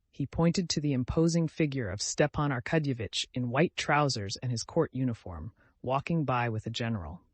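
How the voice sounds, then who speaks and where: A man narrating a classic novel as an audiobook in a measured, even reading. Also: mid-range voice, breathy edge, no echo. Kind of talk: scripted narration.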